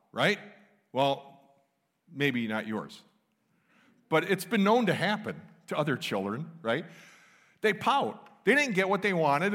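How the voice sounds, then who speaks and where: A man's voice: a little high, a bit bright, in a large hall. A man preaching a sermon, reading scripture and retelling it in casual everyday language.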